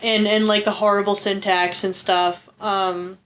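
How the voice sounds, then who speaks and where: A woman's voice: medium pitch, little pitch movement, measured pace, fairly bright tone, a little hiss or hum. A woman co-hosting a casual podcast chat, giggling often and talking with many fillers. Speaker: podcast co-host.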